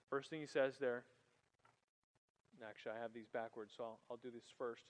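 A man preaching a sermon to young people, animated, swinging from loud emphasis to quiet asides. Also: medium pitch, moderate pace, long pauses. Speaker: youth pastor. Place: church hall. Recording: long hall reverb.

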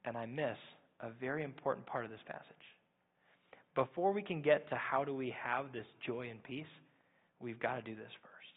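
A young man preaching a sermon as pastor, quick and energetic, often asking "right?". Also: medium pitch, husky. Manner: fast-talking, energetic, repeats "right?". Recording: tinny phone-like sound.

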